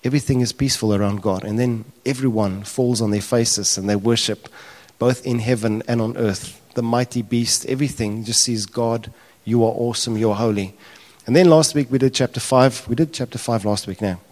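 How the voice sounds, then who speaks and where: A man preaching a sermon, talking casually to his congregation and building to impassioned, near-shouted questions. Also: mid-range voice, brisk, hardly any pauses. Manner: conversational asides to the congregation.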